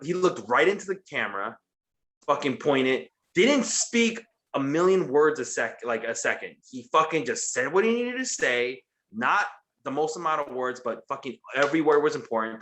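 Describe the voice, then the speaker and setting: A young man in a casual post-show chat, recapping a wrestling show in a profane, animated way. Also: mid-range voice, normal speed. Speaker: podcast co-host.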